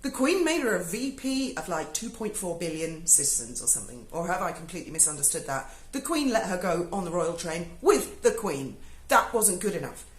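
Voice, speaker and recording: A woman's voice: on the low side, sing-song, a little fast, echoey room, low-quality recording. A British woman, giving a sarcastic, sweary video review monologue. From Britain. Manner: sarcastic, swears freely, mocking asides. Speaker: YouTuber. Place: home in Spain.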